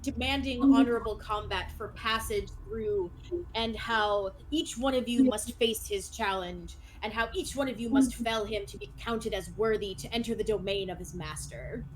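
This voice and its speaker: A woman's voice: a little high, moderate pace, a little hiss or hum, low-quality recording. A woman as dungeon master, describing scenes in an easygoing way. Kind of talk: narrating a tabletop game.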